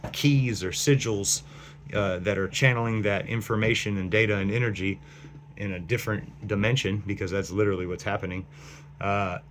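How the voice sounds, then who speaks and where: A man with a lowish voice talks into his phone in a loose, wandering monologue, trailing off and restarting his sentences often. A faint hum runs underneath the recording. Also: a bit bright. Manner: meandering, full of fillers and restarts. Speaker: vlogger. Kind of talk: rambling speculative monologue.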